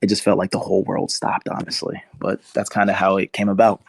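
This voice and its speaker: A man's voice: deep voice, completely flat delivery, fairly quick, gravelly, no room sound. A man in his twenties, a football player and interview guest, telling his story in an earnest, emotional way. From United States. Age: 20s.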